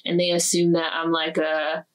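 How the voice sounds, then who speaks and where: A woman with a low-pitched voice, speaking in a relaxed interview. She talks in a chatty, animated way and acts out other people's remarks as she goes. "Like" comes up constantly in her speech. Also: normal speed, rough recording. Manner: chatty, leans on "like" as a filler. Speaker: interview guest. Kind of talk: casual interview conversation.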